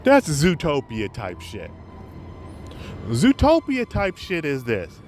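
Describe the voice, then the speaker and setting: Rambling animated man telling stories. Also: a little high, slow, soft background music. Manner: rambling, many fillers and restarts, lively swings. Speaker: storyteller vlogger. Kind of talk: casual anecdote storytelling.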